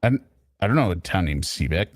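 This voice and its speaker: A man's voice: low-pitched, lively intonation, brisk, no room sound, clean studio sound. A man hosting a live stream, chatting casually and often tagging his points with "right?". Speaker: stream host.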